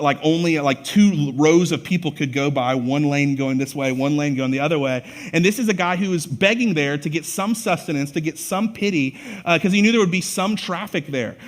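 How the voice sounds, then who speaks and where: Animated preaching man, slightly high voice. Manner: animated storytelling, acts out voices with bursts of loud emphasis. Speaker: pastor. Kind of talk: sermon. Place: church sanctuary.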